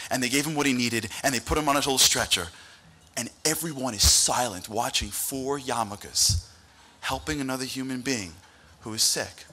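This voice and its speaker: A man from the United States tells an animated story to a dinner crowd, speaking into a podium microphone. His voice is bright and forward, and he drops into the voices of the people in his story. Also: mid-range voice. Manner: animated, acts out quoted voices. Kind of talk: storytelling speech. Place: banquet hall event.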